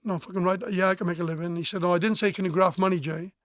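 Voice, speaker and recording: A man's voice: high-pitched, fairly even intonation, racing, a bit bright, no echo, clean studio sound. A man in his forties from Wales, a musician guest telling a personal story frankly and bluntly, acting out remembered conversations. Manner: frank, blunt, swears, acts out remembered dialogue.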